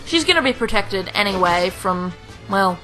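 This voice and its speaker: A young woman in her late teens with a slightly rough throat, giving dry, rambling, self-mocking commentary over a video game at home. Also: medium pitch, animated, normal speed, sharp tone, soft background music, low-quality recording. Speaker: let's play commentator. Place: home room.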